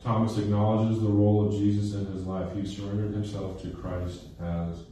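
A man with a low, warm, mellow voice preaches a sermon, pausing to ask "okay?" and "right?" and repeating lines for weight. He is heard from some distance in a very reverberant hall, with a faint hiss underneath. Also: level tone. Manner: checks in with listeners with frequent "okay?" and "right?"; repeats phrases for emphasis. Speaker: pastor. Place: recreation center used for church service.

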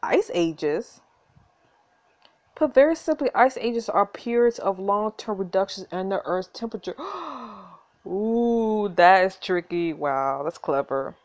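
A woman's voice: medium pitch, animated, slow. A woman hosting a gaming channel, reading a story game aloud with chatty asides and frequent laughter.

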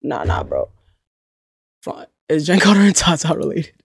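Gravelly young New woman streaming. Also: deep voice, normal speed. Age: young adult. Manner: slangy, swearing, laughing, incredulous. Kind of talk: casual livestream chat.

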